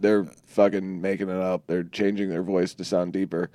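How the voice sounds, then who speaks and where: Male co-host, low pitch, dry close sound, quick crude jokes. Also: little pitch movement, dark tone, no room sound. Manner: crude, wisecracking. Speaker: podcast co-host. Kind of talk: casual chat.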